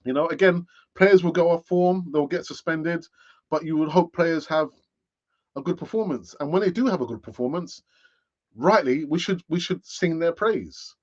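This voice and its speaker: A man's voice: on the high side, moderate pace, darkish tone, muffled recording. A man hosting a football fan channel, chatting casually and rambling with lots of fillers and restarts. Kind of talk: casual live-stream chat.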